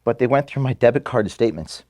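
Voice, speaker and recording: A man speaks in an earnest, solemn tone, at a medium pitch, addressing his team in a recorded statement. He sounds emotional and near tears, and his voice sinks low and soft when he is moved. He is recorded in an office. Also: animated, fast talker. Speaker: organization founder addressing staff.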